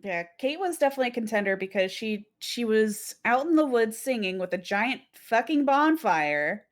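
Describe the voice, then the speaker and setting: Woman, co-host, high-pitched voice, casual animated chat, swears and laughs a lot. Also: moderate pace. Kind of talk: casual chat about a horror game.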